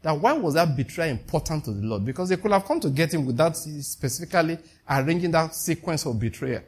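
A man's voice: on the high side, big pitch swings, a little fast, slightly rough. A man preaching a sermon, firing rhetorical questions at his listeners and laughing at his own jokes.

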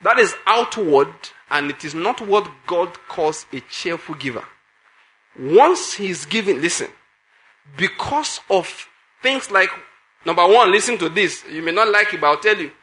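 A male preacher with a high, bright, forceful voice. He preaches emphatically, circling back to repeated phrases and throwing questions at the congregation. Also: expressive, measured pace. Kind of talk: sermon.

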